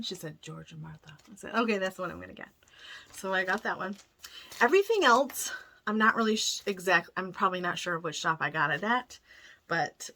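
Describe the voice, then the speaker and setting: Chatty, bright-voiced woman vlogger. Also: mid-range voice. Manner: chatty and enthusiastic, with frequent laughs and self-corrections. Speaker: cross-stitch vlogger. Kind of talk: casual chat showing a haul.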